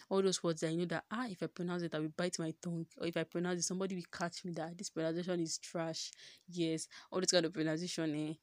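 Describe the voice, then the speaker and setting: A woman's voice: fairly low pitch, no room sound, clean studio sound. A young woman with a Nigerian accent hosting a casual solo podcast, chatty and joking, full of rhetorical questions. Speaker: podcast host.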